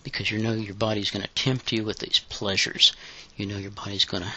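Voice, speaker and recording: A man giving intimate guided audio instruction in a breathy, halting, unhurried way, on a dull lo-fi recording. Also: on the low side, level tone, bright, forceful tone.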